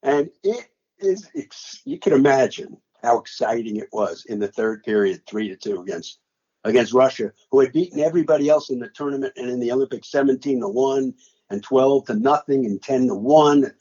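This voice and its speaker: Older man, sportscaster, dramatic storytelling, husky, dull lo-fi sound. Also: mid-range voice, a little fast, warm tone. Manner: dramatic, re-enacts his own play-by-play calls. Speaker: sportscaster recalling a game he called. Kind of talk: animated storytelling interview.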